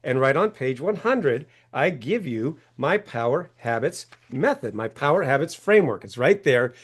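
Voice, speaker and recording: Guesting on an interview show, a male author and coach speaks at normal speed in a medium pitch with big swings and a breathy edge. He's emphatic and animated, voicing quoted people and repeatedly asking "right?".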